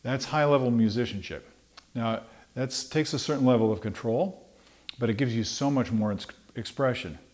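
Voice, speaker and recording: A man teaching trumpet in a relaxed, conversational way, pausing with fillers and restarting phrases as he explains. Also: medium pitch. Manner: sings rhythms on syllables to demonstrate. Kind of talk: relaxed instructional talk.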